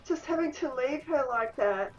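A woman's voice: high voice, lively intonation, normal speed, faint music behind. A woman doing let's-play commentary, emotional and exclamatory, often repeating the same exclamations. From Australia. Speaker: gaming YouTuber. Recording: distant, dull lo-fi mic.

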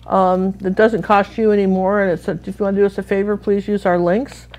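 A woman's voice: mid-range voice, level tone, a little fast, darkish tone. A middle-aged American woman from Washington State, giving a chatty, rambling live painting lesson full of friendly asides. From Washington State, USA. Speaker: art instructor.

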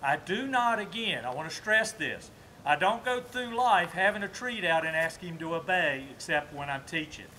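Bright, high Southern man training a dog. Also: expressive, normal speed, a little hiss or hum. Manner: explains to camera while working a dog, switching to short commands. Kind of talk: outdoor training demonstration. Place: outdoors.

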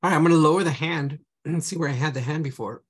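A man teaching a live online drawing class, chatting casually and humming to himself as he sketches, his voice going and his throat clearing often. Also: fairly high pitch, a little fast. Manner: casual, hums and talks to himself while sketching.

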